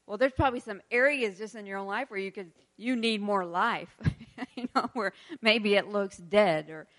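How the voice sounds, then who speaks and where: Woman in her thirties, pastor's wife, casual chatty preaching, quick laughs. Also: mid-range voice, a bit bright. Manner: chatty, laughs often, leads prayer. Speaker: pastor's wife leading a church service. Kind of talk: casual sermon.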